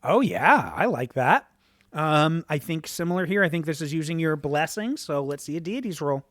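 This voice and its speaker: A man narrating a tabletop game as game master, relaxed and rambling with fillers. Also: on the high side, normal speed, no room sound.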